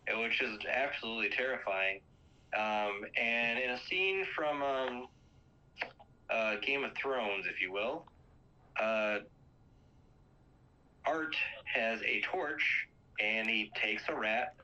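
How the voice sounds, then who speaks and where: A man's voice: medium pitch, slow pace, pauses often, bright, forceful tone, highs cut off. A man casually retelling a movie's plot, rambling with lots of fillers and acting out quoted lines.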